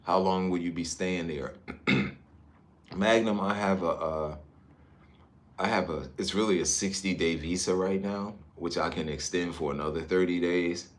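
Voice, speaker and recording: A man from Newark, New Jersey, livestreaming casually from a high-rise hotel room on his phone and chatting with viewers about their comments. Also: unhurried. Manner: laid-back, chatty, drifts between comments. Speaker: livestream vlogger.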